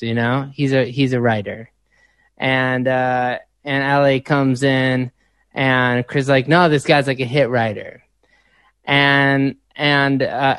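A man casually telling an anecdote in a relaxed, halting way with a few restarts. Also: medium pitch, no room sound, studio quality.

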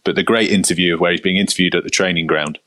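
A man's voice: low voice, very fast, no room sound. A man chatting about football as a podcast panelist, telling stories animatedly. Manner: animated storyteller, mimics managers in quotes. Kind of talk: casual football chat.

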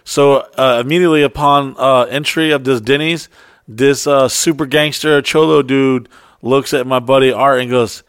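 A man's voice: mid-range voice, unhurried, a bit bright, clean tone, no room sound, studio quality. A man telling a story in a casual, profane chat, rambling and stopping to restart often.

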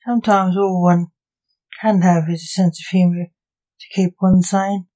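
Storybook necromancer son, dry and jesting, read by a woman, unhurried. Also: on the low side, steady tone, mellow, low-quality recording. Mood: sarcastic. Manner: sarcastic, jesting. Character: sarcastic young male necromancer, joking son.

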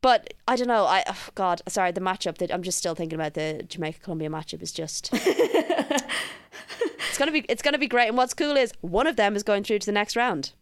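A woman co-hosting a casual football podcast, laughing often and retelling matches in an animated way. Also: medium pitch, a little fast, clean tone, dry recording. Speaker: podcast co-host.

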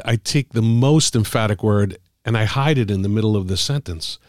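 A man, middle-aged or older, an author telling stories about the craft of writing in a casual, halting way with many fillers. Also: fairly low pitch, a little mellow, dry recording, studio quality. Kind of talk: casual conversational storytelling.

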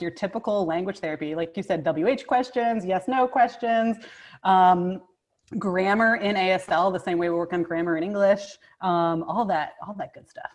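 A woman guest speech therapist talking casually over a video call, enthusiastic and quick to laugh. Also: medium pitch. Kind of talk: casual interview chat.

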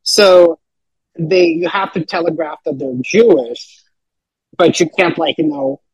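Male podcast guest, husky, a touch high, rambling casual delivery with restarts. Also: normal speed, no echo, rough recording. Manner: rambling, many fillers and restarts. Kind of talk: casual chat.

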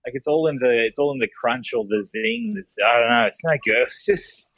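A man talking casually from an airport, relaxed and laughing, with many hesitations. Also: mid-range voice, a little fast, creaky, dry recording, lo-fi sound. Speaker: podcast co-host. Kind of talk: casual podcast chat.

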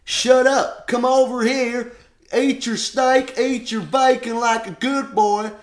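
A man putting on a loud, bullying, meat-loving American man with a Southern American accent. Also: very high voice, steady tone, roomy sound, pitched above the performer's own voice. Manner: loud, bullying, drawn-out shouting.

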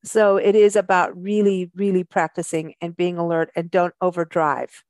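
A woman's voice: fairly low pitch, flat delivery, normal speed, a little mellow, no echo. A woman from South Africa hosting a radio travel show, chatting in a rambling way full of "you know". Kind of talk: casual radio chat.

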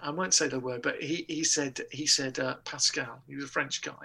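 A man telling a comic anecdote in a lively, casual way, with restarts and laughter. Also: mid-range voice, normal speed, gravelly, breathy edge. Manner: animated storytelling with laughter and restarts. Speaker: guest comedian. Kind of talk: casual anecdote on a talk show.

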